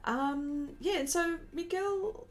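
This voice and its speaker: A woman in her forties with a very high voice speaks slowly as she rambles through a story on a casual live stream. She's the artist hosting it, and she pauses the tale now and then to greet viewers.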